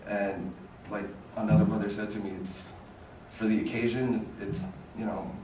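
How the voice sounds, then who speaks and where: Young man giving a halting eulogy. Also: fairly low pitch, flat delivery, mellow. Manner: halting, heavy on fillers like "like" and "you know". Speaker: eulogy speaker, fraternity brother. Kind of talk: informal memorial speech. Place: large echoey hall at a memorial. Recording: echoey hall, distant voice, room noise.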